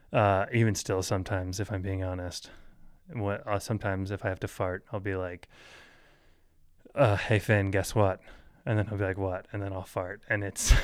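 A man's voice: on the low side, clean tone, no echo, studio quality. A man in his thirties hosting a casual solo podcast, rambling loosely, chuckling often and swearing offhand. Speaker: podcast host.

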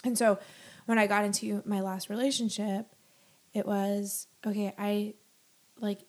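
A woman's voice: medium pitch, little pitch movement, measured pace. A young woman co-hosting a casual chat, telling stories with lots of fillers and frequent giggles. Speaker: podcast co-host.

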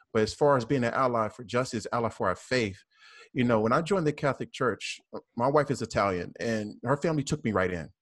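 A man with a Southern US accent, a police officer speaking earnestly and with repetition as a guest in a casual panel discussion. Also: mid-range voice.

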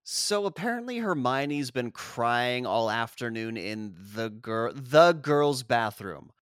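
A man from South Africa leads a casual film recap, sarcastic and quick to swear. His voice sits at a middle pitch. The recording is dry and close. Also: animated, fairly bright tone, clean tone, no room sound. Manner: wry, sarcastic, swears freely. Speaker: podcast host.

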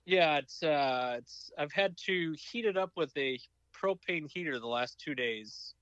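A man calling into a podcast, chatting easily but haltingly with many fillers. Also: a little high, animated, a bit bright, clean tone, dry recording, highs cut off. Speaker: regular guest calling in. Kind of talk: casual chat.

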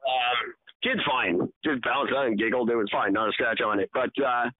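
Over a tinny, phone-like recording with no echo, a Canadian man talks at an even, moderate pace while co-hosting a casual podcast. His humor is mocking and profane, and he keeps putting on silly high voices to do impressions.

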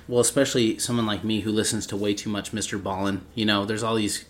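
Low-voiced man thinking aloud. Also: level tone, fast, slight background noise. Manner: thinks aloud, searches for words. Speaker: podcast co-host. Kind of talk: casual chat.

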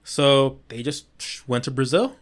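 A young man in casual podcast chat, excited and swearing freely. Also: mid-range voice, a little slow. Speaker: podcast co-host.

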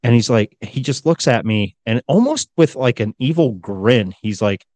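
A man's voice: mid-range voice, animated, normal speed, a little mellow, no echo. A man co-hosting a casual podcast, telling a story loosely with lots of swearing and acted-out quotes. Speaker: podcast co-host. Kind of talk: casual chat.

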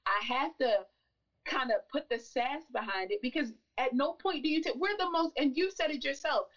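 A woman's voice: high-pitched, normal speed, distant mic, lo-fi sound. A woman guest on a podcast talking with emphatic, building passion. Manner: emphatic, building to forceful insistence. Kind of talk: impassioned conversational talk.

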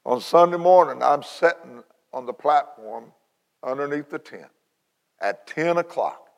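A man, an evangelist telling a story in a sermon, folksy and animated with many restarts, in a large church hall. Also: fairly high pitch, a little slow, creaky. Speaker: evangelist preacher.

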